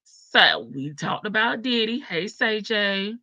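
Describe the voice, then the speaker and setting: Bright-voiced chatty woman livestream host. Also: mid-range voice, expressive, takes it slowly, no room sound, highs cut off. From Chicago. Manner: chatty, greets viewers one by one, sassy asides. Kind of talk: casual livestream chat.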